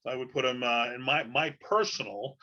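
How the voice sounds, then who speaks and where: Brief: chatty male podcast host, bright, edgy tone, rambling with fillers, lo-fi sound. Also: medium pitch, moderate pace. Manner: rambling, chatty, loose with fillers and mild swearing. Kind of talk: casual podcast monologue.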